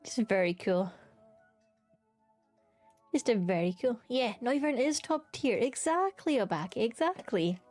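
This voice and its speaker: A woman's voice: fairly high pitch, expressive, unhurried, long pauses, darkish tone, soft background music. A young woman streaming from home, chatting casually and enthusiastically as she ranks creatures, with casual swearing. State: hiccups. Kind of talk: casual live-stream commentary.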